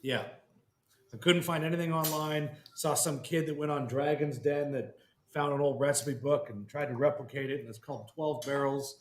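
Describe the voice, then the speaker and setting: A podcast host in relaxed casual chat who swears casually. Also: male voice, a little high, moderate pace. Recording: echoey room, faint noise.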